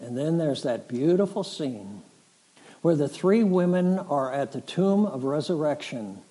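A middle-aged male pastor preaching a sermon, rising to loud emphatic swells and dropping to soft, solemn lines. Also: fairly high pitch, expressive. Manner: slow, dramatic preaching that swells and drops.

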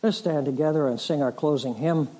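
A middle-aged male pastor preaching a sermon, rising to loud emphatic swells and dropping to soft, solemn lines. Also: fairly high pitch. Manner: slow, dramatic preaching that swells and drops.

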